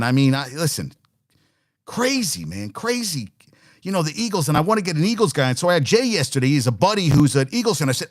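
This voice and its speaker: A man hosting a sports podcast in casual chat, rambling and animated, swearing and laughing as he talks. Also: a little high, no room sound, clean studio sound. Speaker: podcast host.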